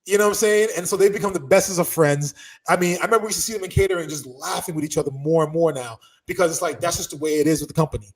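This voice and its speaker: A man telling a rowdy backstage story as an interview guest, swearing freely and acting out the people in it with loud shouts and laughter. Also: fairly high pitch, racing, low-quality recording. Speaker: interview guest, former wrestler. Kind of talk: animated storytelling.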